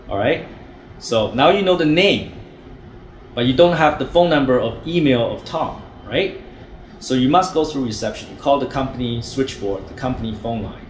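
A man's voice: medium pitch, slight background noise. A man coaching salespeople in a blunt, profane, pushy way, often checking in with "right?". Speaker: sales trainer and company managing director. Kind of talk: direct-to-camera sales coaching. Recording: echoey room with faint ambience.

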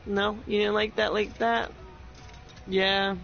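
A man's voice: high-pitched, little pitch movement, takes it slowly, gravelly. A man chatting casually while gaming, teasing and swearing freely. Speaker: gamer recording a session. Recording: slightly dull lo-fi audio with faint music.

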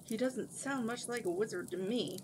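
A woman's voice: fairly high pitch, normal speed, darkish tone, a little hiss or hum, lightly acted. A woman reading as a doubtful stone prince. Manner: doubtful, dry and understated. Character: prince turned to stone, doubtful and mildly bemused.

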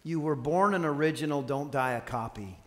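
A man's voice: a little high, fairly quick. A man, a pastor, preaching a sermon, telling stories with quoted dialogue and calling on the congregation to respond. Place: church sanctuary. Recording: long reverb of a large church hall.

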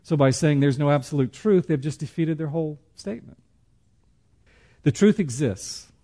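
A man teaching a church study class in a conversational way, with joking asides and slow, emphatic pauses. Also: a little high, dark tone.

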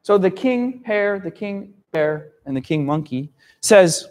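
A man's voice: sits high, very animated, unhurried, darkish tone. A man telling a simple story to young learners, repeating words, spelling them out and checking understanding with "okay?".

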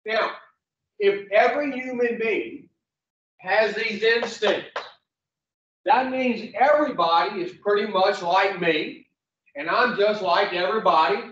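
A man's voice: high-pitched, unhurried, a bit bright, a little hiss or hum. A man gives a blunt, preachy motivational talk to a group, asking the room questions and swearing freely. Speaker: speaker addressing rehab patients. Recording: echoey, distant, dull lo-fi sound.

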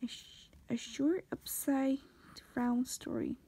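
A woman's voice: sits high, fairly even intonation, takes it slowly, warm tone, slightly rough, low-quality recording. A young woman vlogger in casual commentary, exclaiming and dropping into whispered asides.

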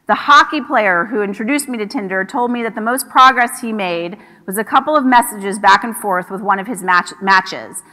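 A woman's voice: medium pitch, pushed and bright. A woman giving a conference keynote, telling a story conversationally and acting out the people she quotes. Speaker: keynote speaker. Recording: hall reverb from a large venue.

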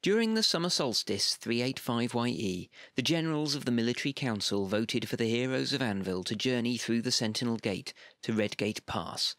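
Male narrator, gravelly, mid pitch, dry close recording, measured read. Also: a bit bright, no room sound. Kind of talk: scripted narration of game lore.

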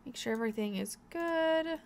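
A woman's voice: on the high side, animated, moderate pace. Chatty young woman narrating gameplay. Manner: chatty, encouraging, thinks aloud. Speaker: let's play host. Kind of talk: casual gameplay commentary.

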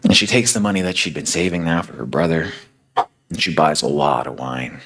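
Male preacher, young, deep husky voice, slow conversational storytelling. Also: a bit bright. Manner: conversational, many fillers like "you know". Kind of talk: storytelling sermon.

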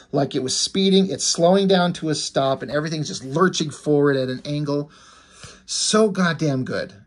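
A man casually reviewing a comic book, enthusiastic and swearing freely, with many fillers. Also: fairly high pitch. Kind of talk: casual comic review, reading quoted dialogue.

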